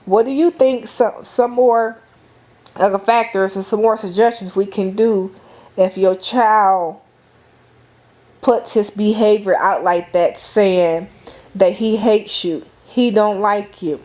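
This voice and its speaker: A middle-aged woman giving a lecture, speaking deliberately, calling on the class and often repeating or restarting phrases. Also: medium pitch, steady tone, darkish tone.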